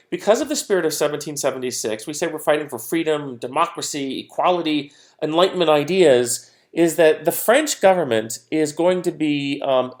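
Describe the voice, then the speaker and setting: A man giving a recorded history lecture in a casual, conversational way, with frequent fillers and playful quoted voices. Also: a little high. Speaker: history teacher.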